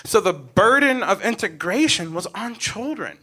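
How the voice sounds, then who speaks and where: A young man from Omaha doing a stand-up comedy set, animated and swinging between quiet asides and loud punchlines. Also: high voice, normal speed. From North Omaha, Nebraska, USA.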